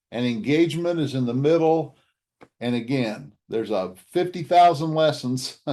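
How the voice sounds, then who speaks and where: In a motivational talk, a man with a mid-range, slightly mellow voice earnestly coaches his audience through a slide. He offers to email the slides to listeners afterward.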